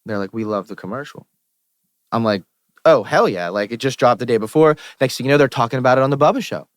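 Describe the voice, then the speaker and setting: A young man with a Pittsburgh accent, a musician guest telling stories on a podcast in an animated, profane way and acting out the people he quotes. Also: medium pitch, fast talker, no echo, studio quality. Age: young adult. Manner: animated, profane, quotes himself and others in lively asides. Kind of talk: casual podcast storytelling. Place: podcast studio.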